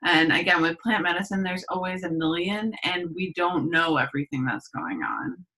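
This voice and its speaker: A woman's voice: fairly low pitch, expressive, normal speed, pushed and bright, rough recording. A woman guest on a casual podcast, explaining things step by step, with frequent fillers and self-corrections. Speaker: podcast guest, herbal medicine practitioner.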